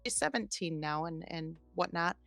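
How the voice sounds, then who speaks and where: A woman in her forties, a podcast host, telling a personal story in an animated, chatty way. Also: fairly low pitch, moderate pace, gravelly, no room sound, faint music behind. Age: 40s. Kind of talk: casual storytelling chat.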